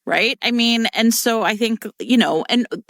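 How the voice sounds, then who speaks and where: A woman with a gravelly, creaky edge to her voice co-hosts a podcast in casual chat. She talks in an animated, loose way, full of fillers and the odd swear. The sound is dry and close. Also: fairly high pitch, moderate pace, no room sound. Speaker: podcast co-host.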